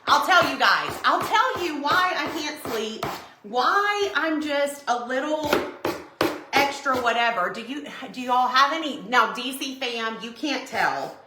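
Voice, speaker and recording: A middle-aged woman hosting a crafting livestream, chatting excitedly with viewers as she works. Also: sits high, measured pace, noisy background. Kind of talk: casual live chat while crafting. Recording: echoey room.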